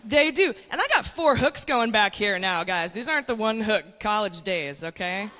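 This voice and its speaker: Brash woman stand-up in her 40s, bright edge, hall reverb on a handheld mic. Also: medium pitch, animated, moderate pace. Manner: brash, conspiratorial, addresses the crowd. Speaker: stand-up comedian. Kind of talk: stand-up comedy set.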